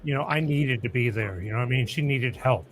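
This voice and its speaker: A man hosting a talk show, answering briefly and softly while a psychic reads for him. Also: mid-range voice, fairly quick. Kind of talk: casual answers during a reading. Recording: noisy line with clicks.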